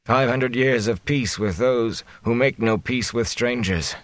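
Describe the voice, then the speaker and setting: A man's voice: mid-range voice, a little slow, voice pushed up, lightly acted. A man voicing a wounded older man who mutters angrily in a fever, faint and barely audible. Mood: feverish.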